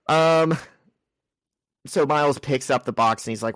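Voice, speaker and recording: A man co-hosting a podcast, casually recapping a comic and acting out the characters' lines in quick asides. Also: medium pitch, fairly bright tone, no echo, studio quality. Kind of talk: casual chat.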